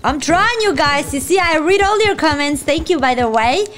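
Woman, gaming host, high voice, very lively pitch, excitable, playful, let's-play commentary. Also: normal speed. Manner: excitable and playful, teasing the game characters.

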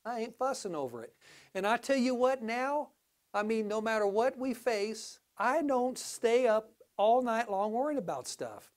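A male pastor preaching a sermon, telling a folksy story with big swings between quiet and loud. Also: very high voice, expressive, unhurried.

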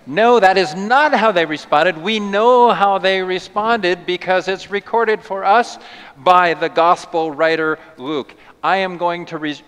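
A man preaching a sermon as a pastor, telling the story in a lively, playful way. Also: fairly high pitch, clear, resonant tone. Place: church sanctuary. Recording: long church reverb.

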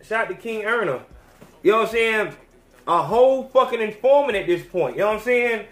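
A male podcast host on an animated, slangy rant full of swearing. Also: high voice, fairly quick. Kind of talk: profane rant. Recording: roomy echo.

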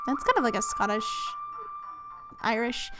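A woman's voice: fairly high pitch, big pitch swings, moderate pace, bright, forceful tone, faint music behind. A woman playing a farming game, reading its dialogue aloud in playful voices and chatting about it. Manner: reads game lines in playful put-on voices. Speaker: let's play gamer. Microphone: home microphone, no camera.

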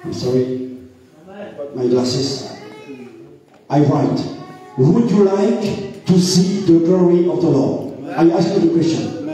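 French male pastor, high mellow voice, slow halting sermon in a big echoey hall heard from a distance. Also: faint music behind. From France. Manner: halting, repeats words and uses many fillers. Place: church hall.

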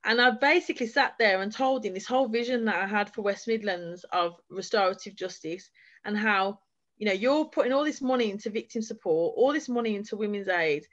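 A woman's voice: medium pitch, fairly quick, fairly bright tone, dull audio. A woman giving an earnest, heartfelt personal testimony as a guest speaker at a forum, talking in long flowing runs. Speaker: guest speaker sharing her experience.

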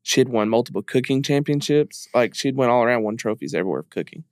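Man, podcast guest, rapid speech, emphatic, repeats himself, dead dry sound. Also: mid-range voice, lively intonation, no room sound. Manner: earnest, emphatic, repeats phrases; speaks openly about grief. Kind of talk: candid conversational interview.

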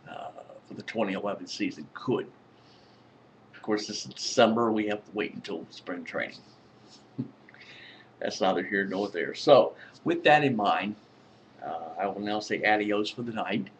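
Tired, slow-talking man vlogging late at night. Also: lowish voice, a little hiss or hum. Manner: rambling, laughing often, swearing freely. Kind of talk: casual late-night vlog.

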